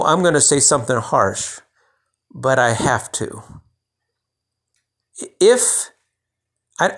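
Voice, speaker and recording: A man's voice: medium pitch, a bit bright. A man preaching a sermon in a conversational way, restarting phrases and building to emphatic bursts.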